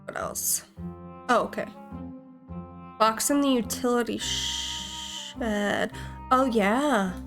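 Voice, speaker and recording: A woman's voice: on the high side, extremely slow, long pauses, fairly bright tone, faint music behind. A woman hosting a gaming channel, casually commenting and thinking aloud while playing. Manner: chatty, thinks aloud, jokey.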